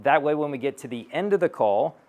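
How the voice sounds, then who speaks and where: A man's voice: on the high side, expressive, a little mellow. A man in his thirties giving a live stage talk as a sales coach, blunt and profane, acting out bits of sales-call dialogue. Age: 30s. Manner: blunt, profane, punchy delivery; acts out sales-call dialogue in quick asides. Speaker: sales coach speaking to an audience.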